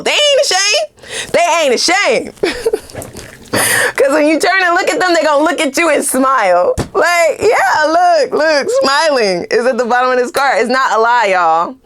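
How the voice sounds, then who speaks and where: A woman giving a casual tarot reading to her viewers, animated and blunt, swearing freely and laughing often. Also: fairly high pitch. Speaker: tarot reader.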